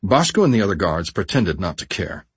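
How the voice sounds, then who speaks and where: A man narrating a first-person memoir audiobook in a measured, steady way. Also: sits low, husky, no echo.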